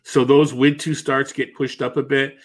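A man's voice: medium pitch, flat delivery, moderate pace. A man with a Boston accent co-hosting a sports podcast, thinking aloud in casual chat, correcting himself and laughing easily. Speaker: fantasy baseball analyst, co-host.

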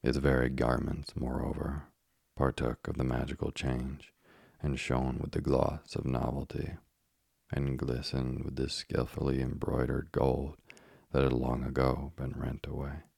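A man narrating a classic tale as an audiobook, with measured, deliberate phrasing. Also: a bass voice, completely flat delivery, vocal fry, a little mellow, husky, no echo, clean studio sound.

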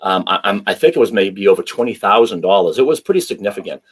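A man's voice: fairly low pitch, fast, slightly rough. A man from New England with a Boston accent, a former hockey player telling stories as a podcast guest. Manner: relaxed storyteller with many um fillers. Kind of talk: podcast interview.

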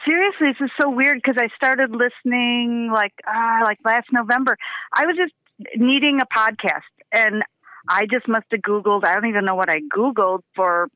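A woman's voice: on the high side, moderate pace, bright, forceful tone, no room sound. A woman from Wisconsin with a Wisconsin accent, a caller on the phone who sounds giddy and amazed at winning a contest. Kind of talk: phone conversation. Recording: dull phone line.

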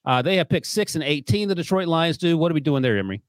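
A man's voice: a little high, expressive, no room sound. A man hosting a podcast, leading the questions and joking with his guests in casual chat. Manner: quick, joking, leads the questions. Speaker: podcast host.

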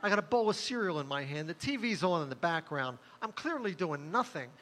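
A middle-aged man doing a stand-up comedy set, delivering crude one-liners in a deadpan, offhand way. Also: on the high side, brisk.

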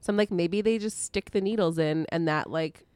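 Bubbly, excitable woman co-host. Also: fairly low pitch, moderate pace, smooth, dry recording. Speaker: podcast co-host. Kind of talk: casual chat.

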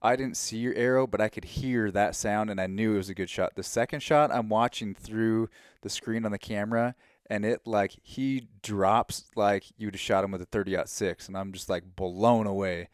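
Low-voiced man chatting on a podcast. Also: fairly even intonation, moderate pace, clean tone, no room sound, studio quality. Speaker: podcast co-host. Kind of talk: casual hunting story.

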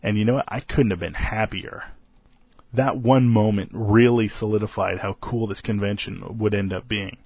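A man's voice: on the low side, moderate pace, husky, no room sound, highs cut off. A tired man hosting a podcast, recapping a convention in a rambling, self-deprecating way and laughing often. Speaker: podcast host.

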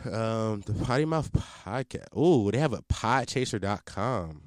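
A man's voice: on the low side, animated, unhurried, darkish tone, dry recording, clean studio sound. A man in his twenties hosting his own podcast, talking casually in a rambling, profane way with many restarts. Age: 20s. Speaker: podcast host. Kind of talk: casual solo podcast chat. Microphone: close podcast mic in a home setup.

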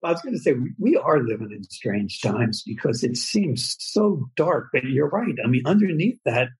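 A man being interviewed as a cartoonist guest, speaking in a soft, earnest way and often answering with a quiet "wow.". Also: mid-range voice, sing-song, moderate pace, husky, poor audio. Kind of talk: conversational interview.

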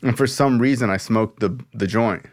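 A man's voice: mid-range voice, moderate pace. A man hosting a podcast, telling a story in a loose, profane way full of "like" and fillers. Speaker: podcast host. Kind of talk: casual storytelling.

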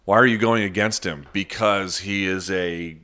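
Brief: low-voiced male live-chat host, blunt and profane, unscripted. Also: fairly even intonation, moderate pace, bright, forceful tone. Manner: blunt, profane, talks off the cuff. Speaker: live chat host answering viewer questions. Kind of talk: casual live-stream chat.

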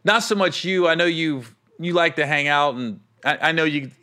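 A man's voice: a little high, moderate pace, sharp tone. A man, a touring stand-up comic, telling road stories in casual chat, often laughing and acting out other people's voices.

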